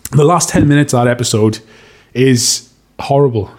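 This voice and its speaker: Man, from the UK, mid-pitched voice, podcast banter, swearing, punning. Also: normal speed, darkish tone. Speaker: podcast co-host. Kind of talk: casual podcast chat.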